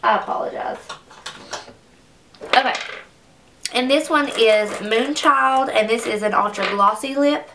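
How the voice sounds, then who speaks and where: A woman's voice: on the high side, a little slow, far from the mic, noisy background. A young woman reviewing makeup in a casual, gushing way, often saying "like," in a makeup room at home. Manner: chatty, gushing, says "like" often. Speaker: beauty vlogger.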